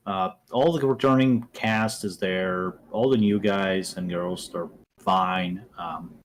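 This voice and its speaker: Blunt low-voiced man on a podcast. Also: steady tone, takes it slowly, a little hiss or hum. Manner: blunt, dismissive. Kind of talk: casual podcast chat.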